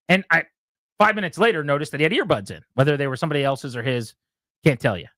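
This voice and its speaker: A male radio host chatting casually and telling an animated story, acting out other people in loud, high bursts. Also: fast talker, dry recording, studio quality.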